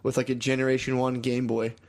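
A man's voice: medium pitch, monotone, fast. A man riffing with his co-host on a podcast. His talk is loose, profane and full of laughter as he trades crude jokes back and forth. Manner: joking, profane, laughs often. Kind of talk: crude casual banter.

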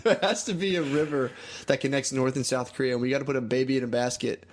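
A man's voice: medium pitch, fairly even intonation, fast. Joking, profane man on a podcast. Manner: joking, profane, laughs often. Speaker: podcast co-host. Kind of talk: crude casual banter.

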